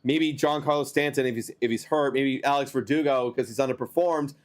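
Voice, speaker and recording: A man hosting a live baseball stream, chatting to viewers and reading trade news in a rambling, excitable way while tired. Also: mid-range voice, brisk. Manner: excitable, rambling, talks to chat. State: tired, yawning. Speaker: baseball livestream host.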